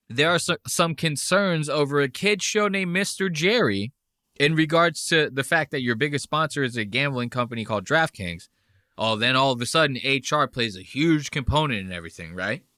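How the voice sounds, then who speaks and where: A man's voice: on the high side, moderate pace, bright, forceful tone, no room sound, clean studio sound. A man hosting a podcast and commenting on clips in a casual, rambling, profane way. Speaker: podcast host.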